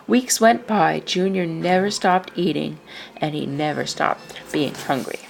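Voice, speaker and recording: A woman reading a children's picture book aloud in a slow, expressive way. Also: deep voice, gravelly, a little hiss or hum. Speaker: storyteller.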